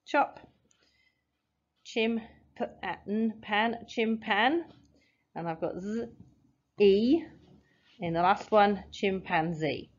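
A woman walks through a phonics lesson, sounding out each letter and syllable slowly and patiently. Her voice sits at an ordinary middle pitch. The recording is slightly dull and lo-fi. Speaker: teacher. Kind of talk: phonics lesson, explaining at a board.

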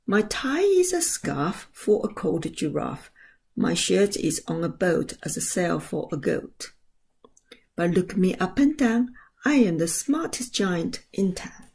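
Woman voicing a kindly storybook giant, gentle, unhurried, warm, breathy. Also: medium pitch, sing-song, exaggerated voice. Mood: sing-song.

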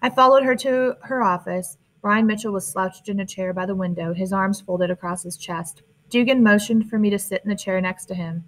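A woman narrating a first-person novel in a plain, steady reading voice. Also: medium pitch, normal speed, hardly any pauses, poor audio. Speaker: audiobook narrator. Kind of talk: audiobook narration.

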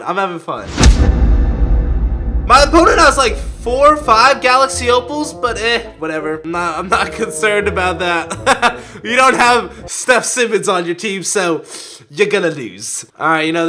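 Young guy yelling over his basketball game, high bright voice jumping all over, game music under it. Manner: excitable, yelling at his players, quick swings to muttering. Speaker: gaming video creator. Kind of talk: live gameplay commentary.

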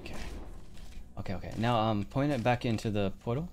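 A man hosting a co-op gaming stream, giving gentle, halting instructions full of ums. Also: on the low side, a little hiss or hum. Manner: hesitant, gives gentle instructions with many ums. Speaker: streamer host. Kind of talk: casual gaming chat.

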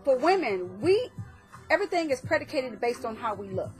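A woman in her forties co-hosting a casual chat, animated and laughing as she acts out quotes. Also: sits high, normal speed, soft background music. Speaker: podcast co-host.

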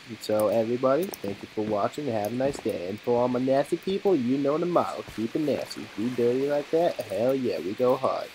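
A man's voice: medium pitch, a little mellow, slight background noise, poor audio. A man giving casual, joking commentary over his game video and talking to his viewers. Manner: joking, laughs often, talks to viewers. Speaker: gaming video host.

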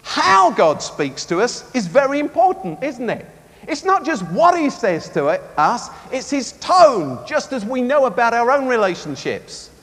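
Animated preacher, high expressive delivery, large reverberant venue. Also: male voice, a little slow. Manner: animated, expressive, acts out voices. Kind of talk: sermon. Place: large tent or hall at a conference.

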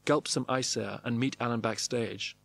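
Brief: man narrating a memoir, clipped, dry diary phrasing, mid-pitched voice. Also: steady tone, normal speed, vocal fry, fairly bright tone, no echo. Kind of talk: reading a memoir diary aloud.

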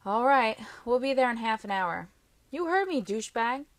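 A woman's voice: fairly low pitch, normal speed, dry recording, natural voice. A woman voicing a cocky young fighter who talks bluntly and teasingly to his girlfriend, in an audiobook reading. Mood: irritated. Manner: teasing, blunt, swears easily.

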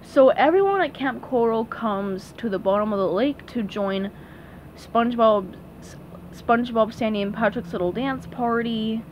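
A woman's voice: a little high, measured pace, a little mellow. A woman casually reviewing a children's picture book, chatty and gushing, with small laughs and restarts. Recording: dull lo-fi audio with faint noise.

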